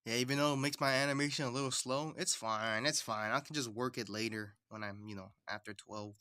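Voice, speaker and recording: A man's voice: medium pitch, brisk, pushed and bright, clean tone, no room sound, clean studio sound. A man streaming while he draws and animates, talking to himself in a rambling, chatty way. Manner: rambling, chatty self-talk. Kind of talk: casual livestream chat.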